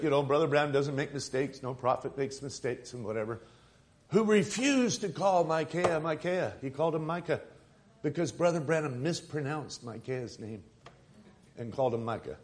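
A man's voice: a little high, animated, moderate pace. A middle-aged man preaching a sermon as a pastor, building to emphatic, repeated declarations. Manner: preaching with rising emphatic repetition.

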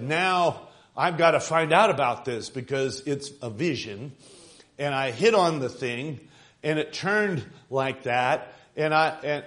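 A man's voice: on the high side, fairly bright tone. Folksy storytelling preacher, a man. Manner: storytelling, folksy asides, chuckles. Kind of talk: sermon retelling a vision.

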